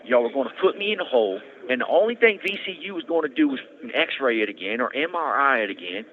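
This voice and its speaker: A man's voice: medium pitch, sing-song, quick pace. A man tells his story in an earnest, conversational way, repeating himself and restarting sentences, on a prison phone. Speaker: podcast host telling his story. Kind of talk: casual storytelling. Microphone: prison phone handset. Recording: tinny phone line with faint noise.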